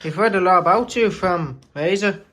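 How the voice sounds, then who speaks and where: Man voicing a shed engine, friendly, rambling, fairly high voice. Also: moderate pace, bright, forceful tone. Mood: welcoming. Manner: rambling, apologetic.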